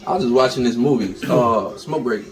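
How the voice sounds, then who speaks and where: A man's voice: medium pitch, brisk. Slangy man telling a movie story. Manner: loose storyteller, slangy and emphatic. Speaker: podcast co-host. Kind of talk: casual profane chat, retelling a movie.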